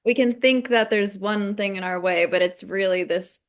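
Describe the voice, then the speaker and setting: A woman's voice: mid-range voice, normal speed. A woman interviewing a guest, reflecting back what he says in a supportive way. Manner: affirming, reflective.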